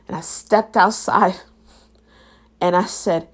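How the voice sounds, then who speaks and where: A young adult woman hosting a podcast, telling a personal story in a blunt, animated and profane way. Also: on the low side, takes it slowly, pauses often. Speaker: podcast host. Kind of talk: casual storytelling.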